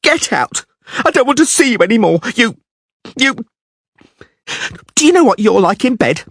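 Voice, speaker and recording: A man voicing a jilted blonde woman who screams abuse from a balcony, very high and shrill for his voice. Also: very animated, moderate pace, a bit bright, no echo, clean studio sound, full character voice. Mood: screaming.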